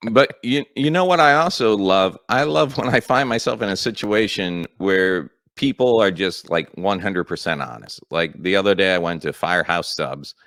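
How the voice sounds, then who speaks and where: A man's voice: low voice, normal speed, few pauses, no room sound, studio quality. A man hosting a comedy radio show, telling stories with acted-out quotes in casual banter. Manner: animated storyteller, acts out quotes.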